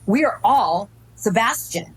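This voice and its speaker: A woman in her forties chatting casually as a podcast guest, an effusive and animated storyteller. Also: medium pitch, takes it slowly, breathy edge, low-quality recording. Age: 40s. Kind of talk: casual spiritual chat.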